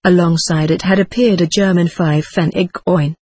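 A man reading a first-person account as audiobook narration, in a steady, measured way. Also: sits high, breathy edge, no room sound.

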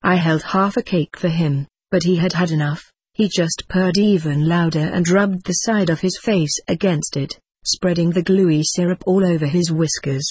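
A reader narrating a first-person story in a measured, even way. The voice is husky and slightly breathy, recorded dry and close with no room sound. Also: medium pitch, no echo. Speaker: audiobook reader.

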